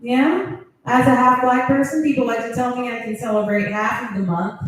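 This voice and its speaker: A woman's voice: a little high, steady tone, normal speed, crowd noise. A woman doing a stand-up set, rambling and self-deprecating and often laughing at her own jokes. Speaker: stand-up comedian. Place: comedy club. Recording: very echoey club room.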